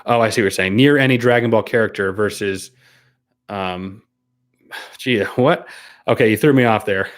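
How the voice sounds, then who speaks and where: A man with a somewhat low voice runs a relaxed live stream as a YouTuber, reading out viewer comments one by one. His replies are laid-back and unhurried, full of ums and restarted sentences. He laughs readily while talking.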